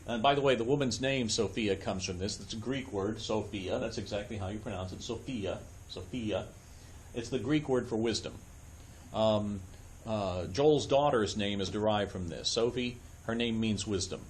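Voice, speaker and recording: A man giving a conversational Bible study lecture at a church, often checking in with his listeners and adding dry asides. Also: medium pitch. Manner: loose, with frequent fillers and dry asides.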